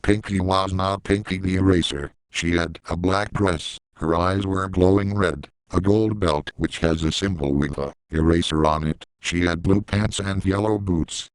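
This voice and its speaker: A man's voice: low voice, measured pace, hardly any pauses, smooth, no room sound, rough recording. A man reading a fan story aloud in a plain way, adding his own side comments. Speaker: story reader.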